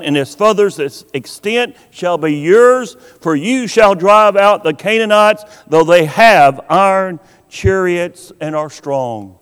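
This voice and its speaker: A man preaching a sermon, slow and emphatic, acting out the voices he quotes. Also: high-pitched, clear, resonant tone. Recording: long hall reverb.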